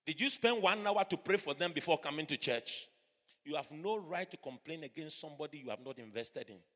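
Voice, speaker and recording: A middle-aged man preaching a sermon, swinging from hushed asides to fervent shouting. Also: on the high side, lively intonation, a little fast, in a large hall. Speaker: pastor. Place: church hall.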